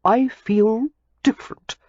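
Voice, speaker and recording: An ardent young lord, dreamy and effusive, with a husky voice, as a woman narrator puts him on. His lines rise and fall with feeling. The sound is close, dry and slightly muffled, as on an audiobook. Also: on the low side, sing-song, unhurried, darkish tone, no room sound, exaggerated voice. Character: smitten young English lord, earnest and ardent.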